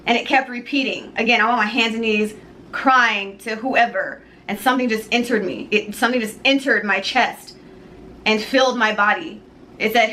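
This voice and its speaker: A woman earnestly telling a personal faith story to the camera, halting and pausing often. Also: a little high, fairly even intonation, pushed and bright, slight background noise, low-quality recording. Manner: earnest, halting, with many pauses. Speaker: jewelry maker sharing a personal story.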